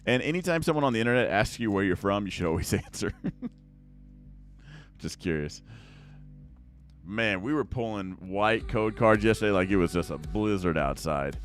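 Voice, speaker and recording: A young man chatting casually to viewers as he opens card packs, rambling along and now and then breaking into excited outbursts. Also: on the low side, normal speed, long pauses, faint music behind. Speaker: card-opening YouTuber. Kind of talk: casual pack-opening chat to viewers.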